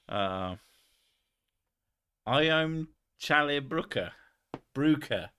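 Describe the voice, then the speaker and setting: A man hosts his stream in a loose, rambling chat, swearing freely and poking fun at himself. His voice is bright and forceful, and he sits in a middle pitch. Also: lively intonation, unhurried. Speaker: streamer host. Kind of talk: casual chat reading viewer messages.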